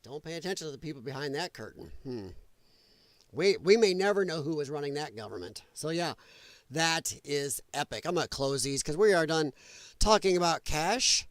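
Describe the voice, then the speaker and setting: A man's voice: fairly high pitch, lively intonation, normal speed, no room sound, studio quality. A man hosting a casual political commentary livestream, talking to his chat, laughing a lot and fumbling while he looks for clips. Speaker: livestream host.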